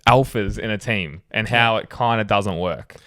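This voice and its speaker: Young man, low smooth voice. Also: moderate pace, sharp tone, dry recording, studio quality. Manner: rambling, full of "like" and "you know" fillers. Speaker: podcast co-host. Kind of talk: casual motorsport chat.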